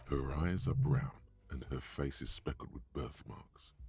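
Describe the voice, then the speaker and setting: A man voicing a stern male game narrator with a very deep, husky voice, heard as game audio. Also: a little slow, darkish tone, faint music behind. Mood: grave.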